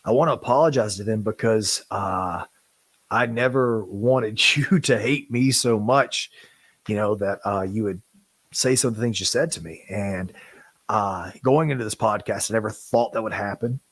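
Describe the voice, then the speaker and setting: A man speaking as a podcast host, emotional, halting and apologetic in candid talk. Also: fairly low pitch, fairly bright tone, no echo.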